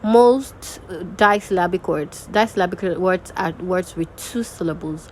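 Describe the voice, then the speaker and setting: A young woman teaches a recorded diction lesson, taking her time and repeating example words aloud. Her voice sits a little low, and a faint hiss of background noise runs under the recording. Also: a little slow, a little mellow, low-quality recording. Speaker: diction and grammar tutor.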